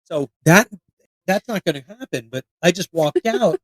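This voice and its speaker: A man in his late twenties from Pennsylvania, swapping stories on a podcast. He talks in a profane, animated way and slips into mock voices. His voice sits a bit high and sounds dry and close to the mic. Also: normal speed, dry recording, rough recording. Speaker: podcast co-host. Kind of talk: casual storytelling chat.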